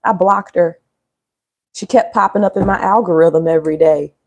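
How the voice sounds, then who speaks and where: A woman's voice: lowish voice, normal speed. A woman chatting casually and joking with viewers during a cooking livestream. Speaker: livestream host.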